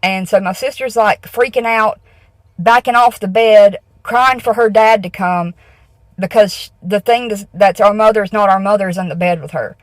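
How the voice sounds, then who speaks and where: A woman's voice: medium pitch, moderate pace, no room sound, low-quality recording. A woman, telling a true ghost story in a casual, tense way and often asking "okay?". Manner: tense, repeating "okay?" to the listener.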